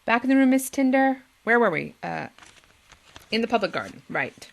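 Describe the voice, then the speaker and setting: A woman's voice: on the high side, very animated, normal speed, vocal fry. A woman teacher with a Boston accent reading a picture book aloud to young children, with playful asides to them.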